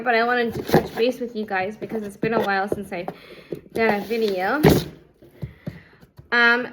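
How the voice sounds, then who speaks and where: A young woman talks to her viewers in a loose, rambling vlog, filling her pauses with ums and restarting her sentences. Her voice sits somewhat high for a woman. There is a clear hiss of background noise behind her. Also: a bit bright, low-quality recording. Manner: rambling, chatty, many fillers. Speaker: vlogger. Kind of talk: casual unboxing vlog.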